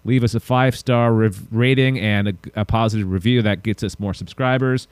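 Reading listener mail and announcements, this man hosts a casual podcast, goofing off, rambling, and poking fun at himself. He speaks fairly quickly in a clean, lowish voice with fairly even intonation, and there's no room sound.

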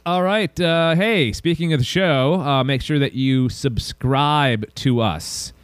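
A podcast host rambles and jokes around in a goofy, self-mocking way while reading announcements and listener mail. His mid-range voice is smooth and slow-paced, with no echo.

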